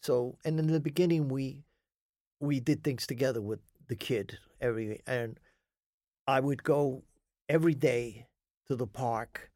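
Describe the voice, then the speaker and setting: A man's voice: medium pitch, a little slow, dark tone, dry recording, clean studio sound. A man telling his story as an interview guest, rambling and emphatic, with frequent swearing. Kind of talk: storytelling in a conversation.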